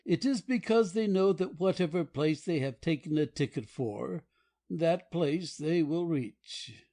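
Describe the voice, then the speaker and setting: A man's voice: on the high side, dark tone, no echo, clean studio sound. A man voicing a red-haired anarchist poet who mocks and declaims grandly, read as audiobook dialogue.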